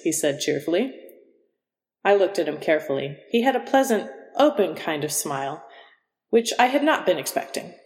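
A woman narrating a story in the first person, in a dry, measured and wry way. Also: sits low, big-room sound. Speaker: audiobook reader.

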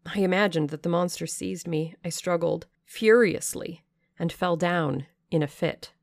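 A woman narrating a classic novel aloud on a close mic, with expressive, dramatic pacing. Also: lowish voice, unhurried, vocal fry, dry recording. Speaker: audiobook reader.

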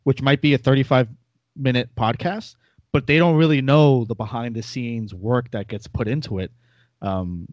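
A man's voice: medium pitch, normal speed, a little mellow, no room sound. A man, chatting casually as a podcast guest in a rambling, self-deprecating way. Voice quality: nasal. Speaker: podcast guest, former host. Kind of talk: casual chat.

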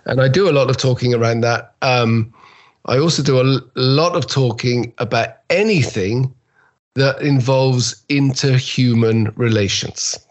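A man speaking as a guest speaker in a casual interview over a video call, relaxed and laughing easily. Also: medium pitch.

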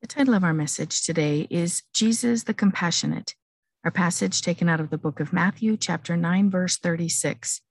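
A middle-aged woman hosting a podcast, gently reading a devotional meditation and prayer at an unhurried pace. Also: fairly low pitch, no echo. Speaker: podcast host.

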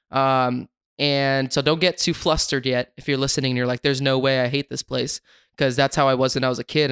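A man's voice: on the high side, fairly bright tone, clean tone, no room sound, clean studio sound. A young man from Sacramento hosting his own solo podcast, chatting casually and rambling with many fillers. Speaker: podcast host.

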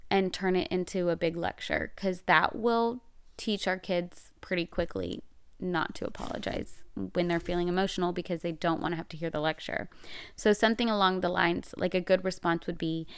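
A middle-aged woman talks through parenting advice in a relaxed, conversational way, often restarting her sentences. Her voice has a gravelly edge under a smooth, clear tone. The recording is dry and close. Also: fairly low pitch, normal speed, dry recording. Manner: conversational, many fillers and self-corrections. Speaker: parenting podcast host. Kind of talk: casual advice talk.

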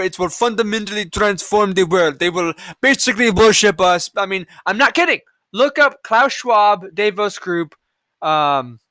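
A man rants alone on his podcast, reading headlines and firing back at them with heavy swearing. His voice sits fairly high for a man and swings widely in pitch, jumping from loud outbursts to low mutters. The sound is dry and close, with no room around it. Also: dry recording. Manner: profane, combative ranting. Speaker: podcast host. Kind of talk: solo political rant reading headlines.

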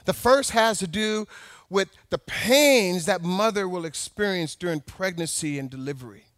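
High-voiced male pastor preaching. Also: moderate pace, a bit bright, no echo, studio quality. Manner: personal storytelling, emphatic repetition. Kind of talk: sermon.

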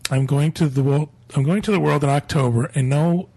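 A man's voice: on the high side, a little fast, gravelly, a little mellow, slightly rough. A man co-hosting a podcast, reading listener email aloud in a casual, joking way. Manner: joking, laughs often. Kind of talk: casual chat.

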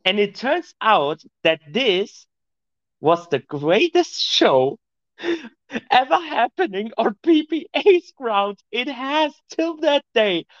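A man's voice: very high voice, sing-song, slow, dry recording. A man, a podcast guest talking in slightly broken English, rambling casually. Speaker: podcast guest, show owner. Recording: dull lo-fi mic.

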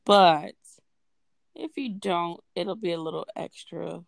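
A woman hosting a casual podcast chat, speaking in an unhurried, reflective way. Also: fairly low pitch, creaky, no echo. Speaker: podcast host.

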